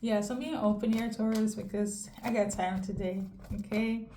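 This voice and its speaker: A woman giving a casual tarot reading in a rambling, fairly monotone way, often checking in with "okay?". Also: mid-range voice, moderate pace, echoey room, slight background noise. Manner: monotone delivery. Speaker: tarot reader.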